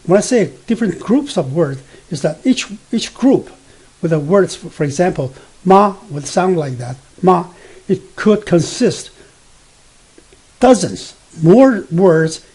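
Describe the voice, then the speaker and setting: A man gives a beginner language lesson at an unhurried pace. His voice is mellow and a little husky, with plenty of fillers and restarts as he spells out letters. He draws out each sounded tone with care. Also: sits high, big pitch swings. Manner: slow, careful explanation with frequent fillers and self-corrections; drawn-out demonstration of tones and spelled-out letters. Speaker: Mandarin teacher.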